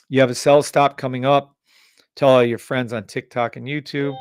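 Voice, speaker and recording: A man hosting a live trading stream, pitching a scanner and ranting bluntly at viewers, swearing freely and sounding exasperated. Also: fairly even intonation, normal speed, creaky, clear, resonant tone, no echo. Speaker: trading livestream host.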